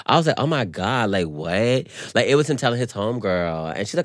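A young man co-hosts a casual podcast, telling stories fast and full of slang. His voice sits low but swings widely in pitch. The sound is dry and close. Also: no room sound. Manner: animated storytelling with swearing and slang. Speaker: podcast co-host. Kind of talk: casual chat.

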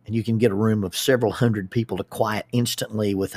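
A man, a public speaker and youth group leader telling a personal story in an animated way, often restarting his words. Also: lowish voice, fast talker, hardly any pauses, husky, no room sound. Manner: animated, with repeated starts and lively asides.

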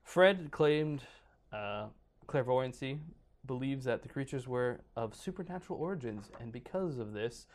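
Man, podcast co-host, casual chat, reads a story then rambles off, mid pitch. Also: expressive, a little slow. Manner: rambling, joking, breaks off into banter mid-story.

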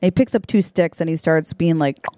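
A woman's voice: sits low, brisk, noisy background. A woman co-hosting a comedy podcast, improvising a story in a chatty, giggly way with lots of fillers. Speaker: podcast co-host.

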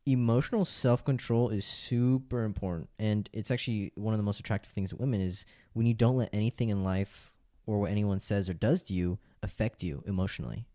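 A man's voice: fairly low pitch, fairly even intonation, a little fast, few pauses, dark tone, dry recording, studio quality. A man giving blunt advice on a podcast and lecturing listeners directly in casual talk.

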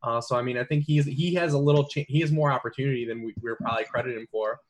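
Man, casual podcast analyst, mid pitch, rambling, filler-heavy. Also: rapid-fire. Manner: rambling, many fillers and restarts. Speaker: fantasy football analyst.

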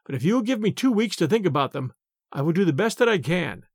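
A man's voice: sits high, very animated, quick pace, breathy edge, no echo, studio quality, exaggerated voice. A man voicing a worried, pleading abbot in a storybook reading. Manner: earnest, pleading.

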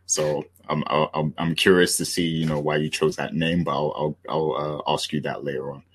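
Very deep-voiced husky British man. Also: normal speed. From Britain. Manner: relaxed and rambling, many fillers and restarts. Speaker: podcast host. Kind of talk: casual podcast chat.

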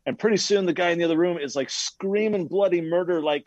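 A man talks through a story on a casual podcast and slips into quick voices for the people in it. His voice sits a little high. The recording is dry, with a muffled, lo-fi edge. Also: no room sound. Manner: animated storyteller acting out quoted voices. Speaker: podcast co-host.

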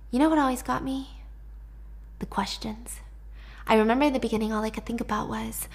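Chatty woman retelling a dark story. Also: a little high, fairly quick, vocal fry, long pauses. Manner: chatty, animated, wry asides. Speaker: story narrator.

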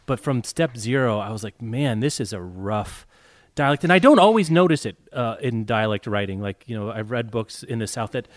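A man's voice: mid-range voice, fairly quick, few pauses, dry recording. A man co-hosting a casual book-discussion talk, wry and chatty, with many fillers and restarts. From not from the US South. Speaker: podcast co-host.

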